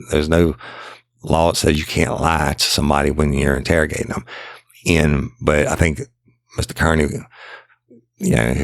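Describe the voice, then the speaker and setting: A man's voice: rumbling low, creaky. A man, a former detective hosting a podcast, bluntly retelling a case in casual, profane storytelling and constantly repeating what he said. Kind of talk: casual true-crime storytelling.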